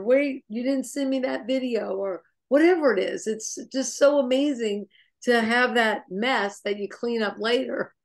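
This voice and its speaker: Bubbly upbeat woman. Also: a little high. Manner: bubbly, laughing, energetic. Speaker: business leader on a call. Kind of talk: enthusiastic motivational chat.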